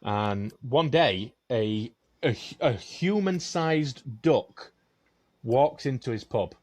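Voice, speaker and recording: Man, co-host, rambling sweary joke-teller, mid-pitched. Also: expressive, slow pace, darkish tone. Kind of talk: casual chat, telling a long joke.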